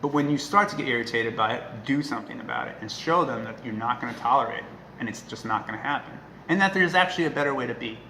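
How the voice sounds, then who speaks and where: A man talking casually to the camera as a dog trainer, earnest and emphatic, often checking in with a quick "right?". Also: mid-range voice, animated, sharp tone. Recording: echoey room with faint noise.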